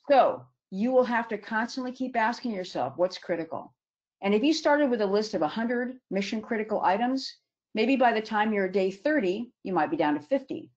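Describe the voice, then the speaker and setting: Lively low-voiced woman presenting a webinar. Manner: emphatic, explanatory, slows down to stress key words. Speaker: business continuity consultant presenting a webinar. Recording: dull lo-fi webinar audio.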